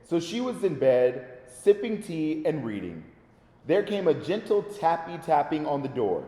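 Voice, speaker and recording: A man reading a children's story aloud, gentle and expressive, his voice slightly high and swinging widely. It sounds mellow and rings in an echoey room with a long reverb. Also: a little slow.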